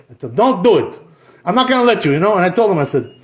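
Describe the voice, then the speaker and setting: Fast-talking animated male rabbi. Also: high voice. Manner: animated, joking, rhetorical questions. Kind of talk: Torah class. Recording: echoey room, slightly dull.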